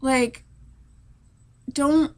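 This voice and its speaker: A young woman with a high voice speaks to the camera in an emotional personal vlog, tearful as she talks. Her speech rambles, packed with "like" and restarts. She sounds like a military spouse opening up about being hurt. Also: steady tone, extremely slow, a little mellow. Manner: rambling, many "like" fillers. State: crying. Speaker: vlogger. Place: hotel room.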